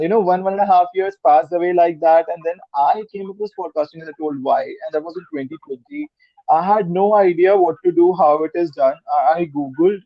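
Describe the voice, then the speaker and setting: A man's voice: on the high side, creaky, no echo, muffled recording. A man with an Indian English accent, chatting as a podcast guest, rambling and repeating words, slipping into Hindi. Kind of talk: casual interview chat.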